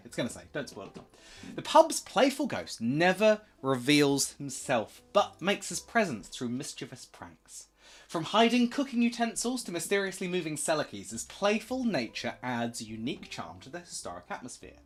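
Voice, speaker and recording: A man's voice: on the high side, sing-song, moderate pace, breathy edge. A man giving a casual, rambling slideshow presentation for a charity stream, full of jokey asides and self-corrections.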